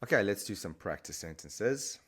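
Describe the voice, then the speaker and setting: A deep-voiced man explains word patterns in a relaxed, chatty teaching voice. He keeps checking in with the listener and restates points as he goes. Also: normal speed, slightly rough. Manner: chatty, encouraging, repeats and restarts while explaining. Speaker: Spanish teacher. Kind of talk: explaining vocabulary to camera.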